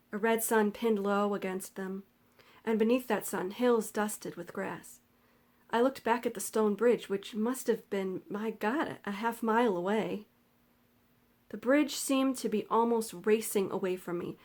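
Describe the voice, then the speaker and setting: A woman librarian reading a novel excerpt aloud in a measured, expressive storytelling manner. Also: medium pitch.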